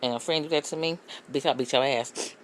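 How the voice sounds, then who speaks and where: A low-voiced woman hosts a casual reaction commentary, blunt and full of profanity. Her talk is loose and opinionated. Faint noise hums behind her. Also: brisk. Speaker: host.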